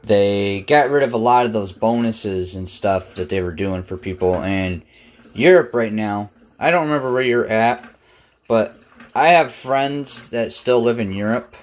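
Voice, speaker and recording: A man's voice: lowish voice, measured pace. A young adult man chatting casually on a live game stream, rambling and talking back to his cat.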